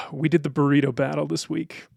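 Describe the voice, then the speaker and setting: A man's voice: on the high side, little pitch movement, moderate pace, vocal fry, darkish tone, no echo, clean studio sound. An American man, a radio producer, hosting a podcast chat in a playful, theatrical way. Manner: playful, theatrical opening reading. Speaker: producer and fill-in host.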